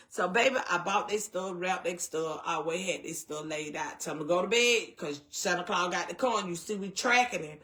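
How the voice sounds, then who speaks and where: A woman's voice: fairly low pitch, a little fast, few pauses, bright, forceful tone. A middle-aged woman with a Southern US accent, hosting a casual storytelling chat in a blunt, profane way and acting out the voices of people she quotes. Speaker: host.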